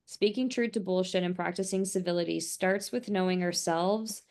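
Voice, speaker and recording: Low gravelly-voiced woman podcast host. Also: moderate pace, darkish tone. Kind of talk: casual podcast chat.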